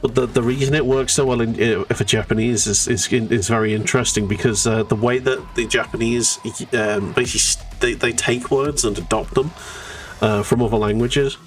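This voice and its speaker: A man's voice: medium pitch, steady tone, normal speed. Rambling man, distant mic. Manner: rambling, chatty storyteller. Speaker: guest painter on a hobby stream. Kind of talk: casual chat. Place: home hobby setup on a live stream. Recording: distant mic with faint guitar music.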